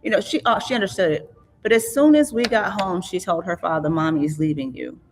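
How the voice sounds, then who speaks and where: A woman's voice: mid-range voice, animated, a little hiss or hum. Earnest, reflective woman in a reverberant hall. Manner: earnest, reflective, halting with restarts. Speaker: author and interview guest. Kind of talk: emotional life-story interview.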